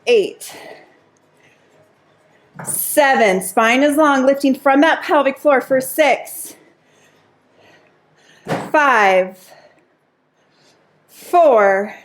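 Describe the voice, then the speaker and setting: A woman's voice: high-pitched, animated, extremely slow, long pauses, slight background noise. A woman Pilates instructor leading a workout class while exercising along, out of breath at times, counting reps and cheering.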